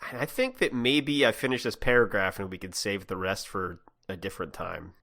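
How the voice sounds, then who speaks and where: A man's voice: fairly low pitch, a little fast, gravelly. A man co-hosting a casual podcast, reading fan fiction aloud between laughs. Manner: animated, laughing reader. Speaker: podcast co-host.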